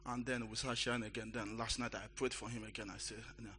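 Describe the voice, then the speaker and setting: Male church member testifying; halting retelling; faint background hum. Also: mid-range voice, flat delivery, bright, forceful tone.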